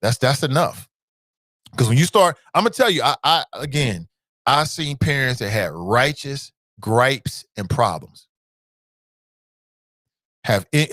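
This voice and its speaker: A man's voice: medium pitch, a bit bright, dry recording. A man hosting a call-in talk show, blunt and emphatic, repeating his points. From United States.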